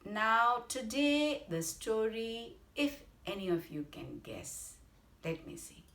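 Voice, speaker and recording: A woman with an Indian English accent telling a bedtime story to children, animated and explanatory. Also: on the low side, slow, creaky. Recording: roomy echo.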